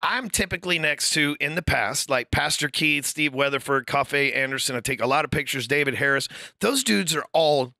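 Male podcast host, high gravelly voice, profane storyteller, dry close mic. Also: moderate pace, hardly any pauses, no room sound. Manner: profane, loud storytelling with acted-out quotes. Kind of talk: casual podcast chat.

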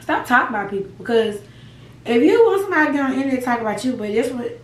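A woman's voice: on the high side, very animated, racing, roomy sound, distant mic, a little hiss or hum, poor audio. A young woman vlogging to camera while eating, chatting to viewers in a folksy, laughing way with asides like "child" and "baby". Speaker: mukbang vlogger.

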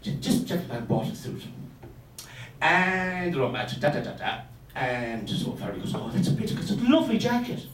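A man doing stand-up, telling a story in an animated, swearing, exaggerated way. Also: on the high side, normal speed, a little hiss or hum. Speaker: stand-up comedian. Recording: roomy sound from a distant mic.

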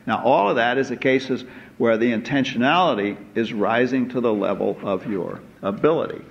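A man giving a university lecture in a hall, unhurried and full of "uh" hesitations and asides. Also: mid-range voice, vocal fry. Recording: dull lo-fi lecture recording with faint noise.

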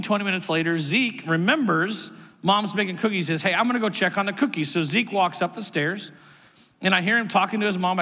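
Pastor guy preaching, tells stories, voice jumps way up, kinda high, big echoey church. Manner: animated storytelling with sudden jumps in pitch. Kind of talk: sermon. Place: church sanctuary. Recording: long reverb of a large hall.

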